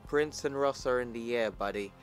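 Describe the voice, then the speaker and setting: A man reading a tough military general's lines with slow, blunt orders. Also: medium pitch, soft background music, lightly acted. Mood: commanding.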